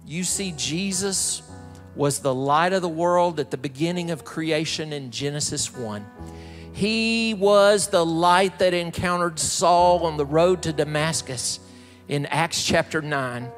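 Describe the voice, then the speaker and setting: A male pastor from the American South delivering a slow, emphatic sermon, building up repeated phrases. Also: a little high. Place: large church sanctuary. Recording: reverberant hall with soft music behind.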